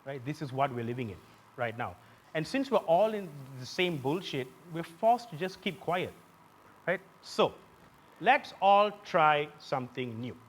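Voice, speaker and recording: A man with a Malaysian English accent performing a satirical comedy monologue as host on a live theatre stage, punchy and given to shouting his punchlines. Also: on the high side, sing-song, a little slow. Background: audience laughter.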